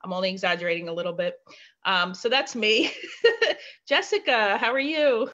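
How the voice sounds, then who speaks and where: A woman's voice: medium pitch, normal speed, sharp tone, highs cut off. A woman chatting on a video call, bubbly and laughing often. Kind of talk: casual video call chat.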